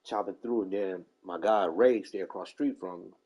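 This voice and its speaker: Husky, warm-toned man in his 40s, casual chat host, lively profane storyteller. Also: low-pitched, moderate pace, rough recording. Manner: animated storyteller, profane, acts out quoted people.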